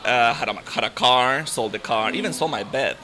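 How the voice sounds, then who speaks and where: A man's voice: medium pitch, moderate pace, sharp tone, faint music behind. A man in his thirties from Nicaragua with a Nicaraguan Spanish accent, a native Spanish speaker chatting easily as an interview guest. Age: 30s. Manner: easygoing, laughs often. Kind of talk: casual interview chat.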